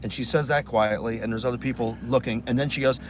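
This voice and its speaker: A man chats on a live stream outdoors, telling stories with lots of energy at a middle, everyday pitch. A faint hum of passing cars sits behind him. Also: fast. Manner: animated, acts out fans' voices. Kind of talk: casual storytelling chat.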